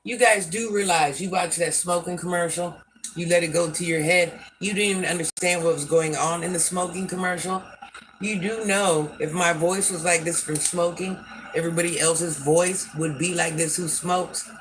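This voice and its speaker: A woman's voice: fairly low pitch, fairly even intonation, moderate pace, noisy background. Blunt sassy grandmother livestreaming. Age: older. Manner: blunt and sassy, talks about herself in third person. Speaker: livestream host. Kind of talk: casual livestream chat, answering viewer comments.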